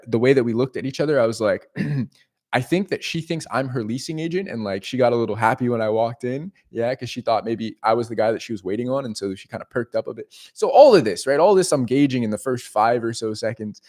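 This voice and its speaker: A young man on a livestream, casually telling a long, profane story and checking in with his viewers. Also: medium pitch. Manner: rambling, profane, self-interrupting with "right?". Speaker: leasing agent streaming to viewers.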